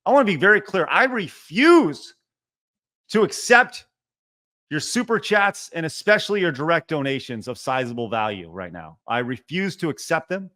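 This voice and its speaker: A man's voice: on the high side, very animated, fairly quick, hardly any pauses, pushed and bright. A man on a casual livestream reading out viewer donations and chat messages, protesting in mock refusal while thanking each donor. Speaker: streamer reading super chats.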